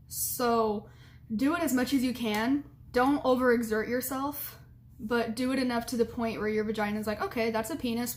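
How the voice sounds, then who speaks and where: A young woman vlogger telling a story and giving advice in a frank, blunt, giggly way, with lots of "like". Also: a little high.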